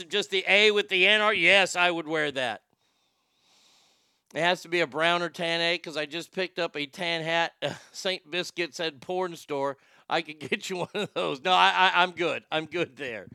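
A man's voice: high voice, normal speed, gravelly, pushed and bright, smooth, dry recording, clean studio sound. A man hosting a casual talk show, rambling through jokes and profane banter. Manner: loose, joking, profane banter. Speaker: show host.

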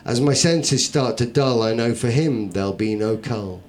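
Brief: male performance poet, middle pitch, theatrical rhythmic delivery, wry comic verse. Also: moderate pace, slight background noise. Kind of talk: comic verse recitation to a live audience.

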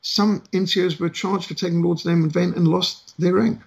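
A middle-aged South African man telling a story from his past, unhurried and pausing often with "uh". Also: high-pitched, fairly even intonation, gravelly, darkish tone, slightly rough. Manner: unhurried with frequent "uh" pauses. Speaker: ministry speaker. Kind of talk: storytelling testimony.

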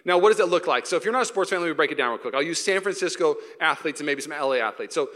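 A male pastor from Seattle delivers an animated sermon, his voice high and bright. The sound carries a long reverb from the church hall he speaks in. He breaks into acted-out fan chants along the way. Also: racing. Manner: animated, acts out shouting fans.

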